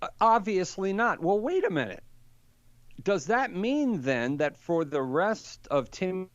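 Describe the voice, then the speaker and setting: An older man in casual conversation, telling a lively story and acting out the quotes in it. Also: high voice, measured pace, no room sound, muffled recording. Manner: animated storyteller, acts out quotes. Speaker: Catholic apologist guest.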